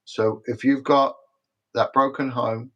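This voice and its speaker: Middle-aged British man, retired detective guest; emphatic, repetitive storyteller with a mid-range pitch. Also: steady tone, takes it slowly, a bit bright, muffled recording. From Britain. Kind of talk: casual livestream interview talk.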